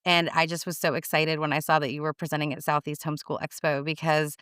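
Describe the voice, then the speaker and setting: A woman's voice: low-pitched, flat delivery, fast, a bit bright, clean tone, no room sound, clean studio sound. A woman co-hosting a podcast interview, speaking earnestly and heaping praise on her guest. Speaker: podcast co-host. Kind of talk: interview conversation.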